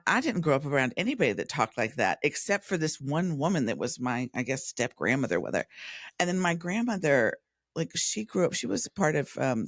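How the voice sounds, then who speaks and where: A woman, a podcast guest chatting casually in an animated way, often breaking off mid-thought and mimicking voices. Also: deep voice, no room sound, studio quality. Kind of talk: casual conversation.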